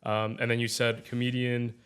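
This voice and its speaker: A man's voice: medium pitch, monotone, normal speed, a bit bright, smooth. A man hosting a casual podcast interview, talking in a friendly way with lots of fillers and affirmations. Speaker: podcast host.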